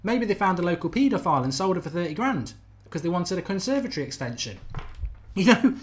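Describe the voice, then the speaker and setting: Podcast host, man, middle-aged, fairly high voice, animated and emphatic, repeats himself for effect. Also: fast talker. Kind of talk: live debate podcast, reading viewer comments.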